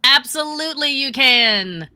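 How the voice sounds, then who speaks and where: A woman's voice: high-pitched, expressive, unhurried, sharp tone, no echo. A woman narrating and explaining rules as game master, casual and chatty with many fillers.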